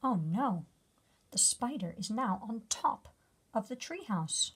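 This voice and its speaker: A woman reading a picture book aloud to children as their teacher, gently asking them questions about the pictures. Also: fairly high pitch, lively intonation, takes it slowly, breathy edge. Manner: gentle, asks the listener questions.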